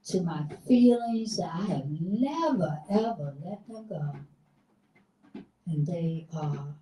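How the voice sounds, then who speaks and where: Woman, guided breathing meditation, very slow pace, dark mellow tone, roomy hall, distant mic. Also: lowish voice, expressive, a little hiss or hum. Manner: slow, soothing instructions with drawn-out phrases. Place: theater hall. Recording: roomy live hall from far off.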